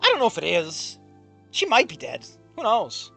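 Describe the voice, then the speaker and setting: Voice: medium pitch, wildly swooping pitch, normal speed, creaky, sharp tone, soft background music. A reader of fan fiction who breaks in with exasperated, profane rants about the writing. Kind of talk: reading fan fiction aloud with comedic commentary.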